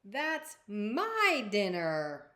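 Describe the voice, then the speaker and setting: Hungry little beastie played by a woman, loud and pushy, talks slow. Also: medium pitch, huge pitch swings, reverberant, heavily acted. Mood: insistent.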